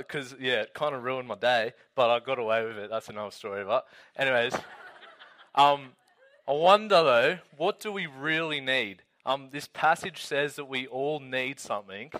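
A man's voice: medium pitch, bright, forceful tone. A young man, a youth leader telling a story and reading scripture in a chatty, casual way full of "like" and "um".

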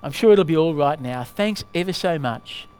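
A man's voice: a little high, expressive, moderate pace, darkish tone, clean tone, close to an everyday voice. A man voicing a male ghost who pleads and protests as he clings to his sin. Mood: evasive.

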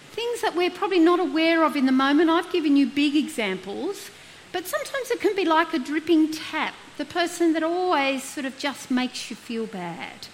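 A middle-aged woman counsellor gives a reflective talk on guilt in a fairly high voice. She speaks earnestly, posing rhetorical questions and acting out everyday examples. The recording is low quality, with a faint hiss under her voice.

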